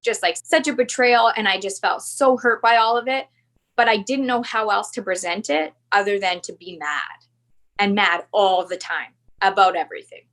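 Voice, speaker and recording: A woman's voice: mid-range voice, moderate pace, a bit bright. A woman in her thirties, a podcast guest, talking earnestly and confessionally, with many "like" fillers. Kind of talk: candid personal interview.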